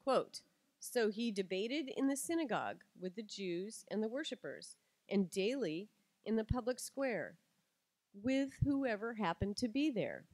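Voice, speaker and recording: A middle-aged woman giving a lively talk to an audience, telling stories and acting out quotes with animation. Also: medium pitch, unhurried, dry recording. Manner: animated storytelling, acts out quotes.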